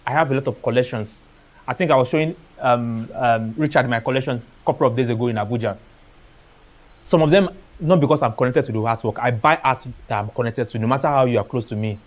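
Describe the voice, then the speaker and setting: Nigerian-accented man, mid-pitched, motivational seminar talk, storyteller who plays out dialogue and uses Pidgin. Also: fast. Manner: storytelling, acting out dialogue, dropping into Pidgin phrases. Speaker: artist speaking at a seminar.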